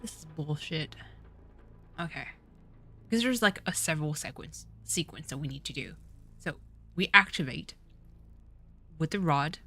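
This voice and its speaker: A woman's voice: sits low, expressive, normal speed, long pauses, sharp tone. A woman streaming a game, talking to her chat and getting exasperated at the game. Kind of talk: let's play commentary.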